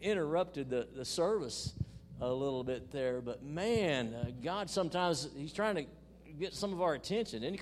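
A man's voice: fairly high pitch, animated, normal speed, slight background noise. An older man preaching a sermon, reading scripture with emphasis and making folksy asides to his congregation. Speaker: pastor.

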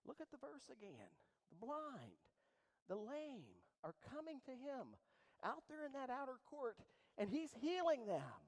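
A man preaching a sermon to a congregation, moving from quiet asides to loud, fervent exclamations. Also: extremely high pitch, wildly swooping pitch, a little slow, poor audio. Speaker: pastor. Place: church sanctuary with congregation.

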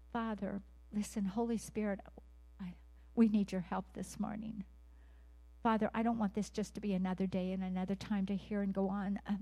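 In a medium-pitched voice, a woman preaches to a gathering of women. She leads them in call and response, asks them sincere questions, and sometimes drops into a whisper.

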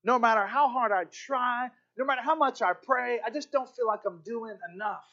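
A man's voice: very high-pitched, bright, forceful tone, dull audio, pitched above the performer's own voice, full character voice. A man playing a flustered, pleading young believer. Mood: anxious pleading. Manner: rushed, stammering, pleading. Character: discouraged young man, anxious, rambling.

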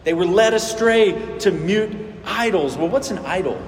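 A man's voice: high-pitched, lively intonation, a little slow, roomy sound, big-room sound, a little hiss or hum. A man preaching a sermon as pastor, conversational, asking rhetorical questions and restarting phrases.

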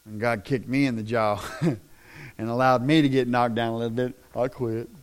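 A middle-aged man preaching a sermon in a folksy, plain-spoken way that swells into loud, impassioned shouting. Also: mid-range voice, fairly even intonation, normal speed. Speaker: pastor.

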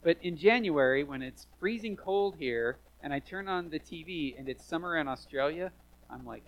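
A pastor delivering a sermon to his church, his fairly high voice dropping to hushed asides and then rising to loud, emphatic declarations. The man keeps it animated and conversational. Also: moderate pace, poor audio.

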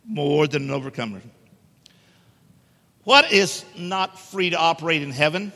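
Bright-voiced preacher in an echoey church. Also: male voice, on the high side, animated, unhurried. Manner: emphatic, joking with the congregation. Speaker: guest preacher. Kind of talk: sermon. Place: church sanctuary. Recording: echoey church hall reverb.

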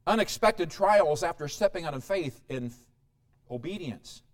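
Male preacher, high voice, very lively pitch, dramatic sermon delivery, sudden loud rises and soft drops. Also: unhurried.

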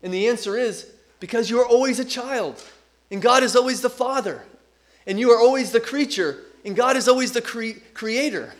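A man's voice: extremely high pitch, normal speed. A middle-aged man preaching a sermon as pastor, earnest and emphatic, leaning on repetition.

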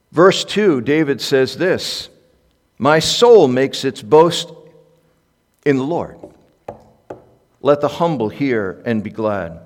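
A man preaching a sermon as pastor, swinging from soft, quiet asides to loud, impassioned peaks. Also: medium pitch. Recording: echoey hall with long reverb.

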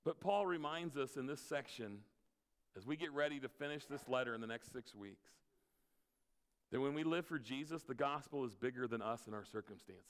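A man's voice: medium pitch, normal speed. A man preaching a conversational sermon as pastor, mixing scripture with playful asides. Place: church sanctuary. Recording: long hall reverb.

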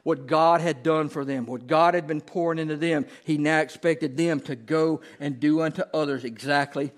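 A pastor preaching a conversational sermon, often turning to ask the congregation questions. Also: male voice, fairly high pitch, steady tone, moderate pace.

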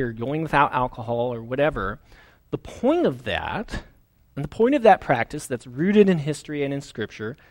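A man preaching a sermon as pastor, earnest and conversational, with fillers and restarts. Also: a little high.

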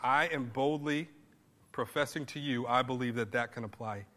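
Bright-voiced man preaching in a reverberant hall. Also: medium pitch, moderate pace. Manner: conversational preaching, rising to emphatic bursts. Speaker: pastor. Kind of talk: sermon.

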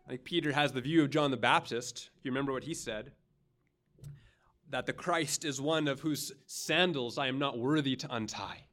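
A man preaching a sermon as pastor, earnest and dramatic, pausing often and checking in with the congregation with a quick "right?". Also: medium pitch, fairly bright tone. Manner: earnest, dramatic, with pauses and rising emphasis; frequent "right?" asides to the congregation.

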